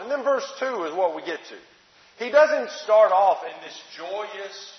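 A man preaching a sermon, reading scripture dramatically and asking the listeners rhetorical questions. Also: high-pitched. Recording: dull echoey hall recording.

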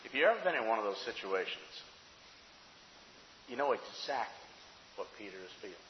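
A man preaching a sermon, telling a story dramatically, dropping to hushed tones and rising to fervent peaks. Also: fairly low pitch, sing-song, moderate pace, slight background noise. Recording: echoey hall, dull sound.

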